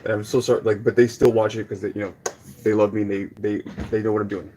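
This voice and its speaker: A man with a fairly low voice speaks on a live stream to the students in his paid class. He sounds agitated and swears a lot. He keeps apologizing to his viewers in between. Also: little pitch movement, fast talker, noisy background. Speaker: livestreamer teaching a paid online class.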